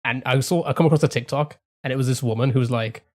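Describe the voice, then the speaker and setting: Guy streaming, chatty and rambly, swears a lot, mid-pitched voice. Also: fast, a little mellow. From England. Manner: rambling, swears casually, frequent restarts. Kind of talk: casual live-stream chat.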